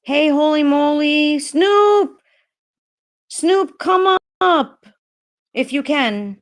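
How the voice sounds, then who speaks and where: A woman's voice: high-pitched, expressive, extremely slow. A woman hosting a casual livestream, greeting viewers by name while rambling, hesitant and upset, with many restarts and swearing. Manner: frustrated and upset. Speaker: livestream host.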